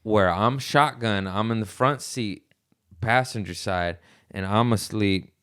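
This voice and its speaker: A man's voice: on the low side, a little slow, fairly bright tone, smooth. A man hosting a casual chat, laid-back and slangy, laughing often as he tells stories. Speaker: podcast host.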